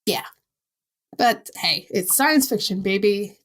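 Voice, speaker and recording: A woman with a Long Island New York accent, co-hosting a casual podcast chat in an animated, chatty way. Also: medium pitch, normal speed. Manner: chatty, animated, laughs easily. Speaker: podcast co-host.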